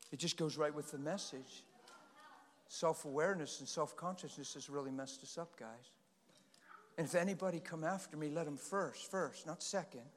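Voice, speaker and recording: A man preaching a sermon in a passionate, animated way, with sudden loud bursts. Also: a little high, long reverb tail.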